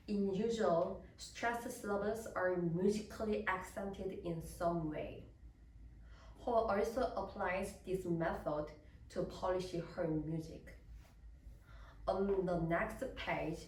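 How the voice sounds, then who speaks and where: A woman's voice: lowish voice, a little mellow, a little hiss or hum. A woman soprano, a native Korean speaker, giving a careful academic lecture in English and explaining each point step by step. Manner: deliberate, explanatory, reading prepared notes. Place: recital hall. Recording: roomy, echoey hall with distant mic.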